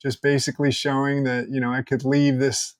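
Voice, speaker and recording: Podcast guest, male, middle pitch, lively storyteller, dry close mic. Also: a little fast, no echo. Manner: animated storyteller, laughs often, acts out quotes. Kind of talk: casual interview storytelling.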